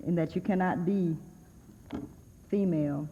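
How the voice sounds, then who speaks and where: A woman's voice: low-pitched, moderate pace, dark tone, slight background noise. Wry woman lecturing in a hall. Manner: wry, sardonic, conversational, laughs often. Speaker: guest speaker at a university. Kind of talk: humorous lecture. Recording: archival lecture recording with long hall reverb, dull and lo-fi.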